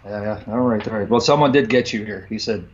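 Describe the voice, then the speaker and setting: A man's voice: on the low side, quick pace, dull audio, slight background noise. A man co-hosting a casual livestream chat over a remote call, speaking in an emphatic, teasing way with preacherly asides. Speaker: co-host.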